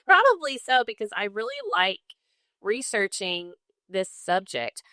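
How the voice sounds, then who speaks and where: A woman's voice: medium pitch, big pitch swings, slow, sharp tone, no echo, studio quality. A young woman with a Southern accent, casually telling a folklore story on a podcast and laughing often. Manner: chatty, laughs often, enthusiastic about folklore. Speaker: guest co-host.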